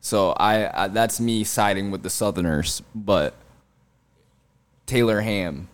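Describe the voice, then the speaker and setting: A man's voice: fairly low pitch, slow, smooth. A young man from New Jersey, co-hosting a podcast in loose, slangy, profane casual chat. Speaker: podcast co-host.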